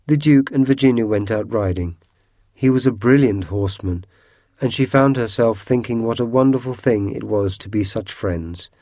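Deep-voiced male storyteller. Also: warm tone, no echo, studio quality. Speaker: narrator. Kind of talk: storybook reading.

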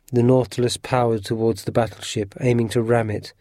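Mellow man narrating a storybook. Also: medium pitch, fairly quick, dry recording, clean studio sound. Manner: steady, earnest first-person storytelling.

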